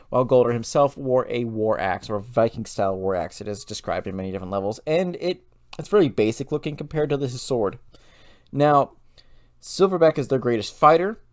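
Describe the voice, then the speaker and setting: A man hosts a lore channel and retells a monster story in a loose, casual way. He speaks at a mid pitch with fillers and quick restarts. The recording is dry and close, with no room echo. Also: darkish tone.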